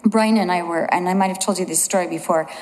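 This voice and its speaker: A woman preaching a sermon, telling stories earnestly and slowing down with a lower voice to stress her points. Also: a little mellow, long reverb tail, rough recording. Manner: earnest storytelling, slows and drops low for emphasis.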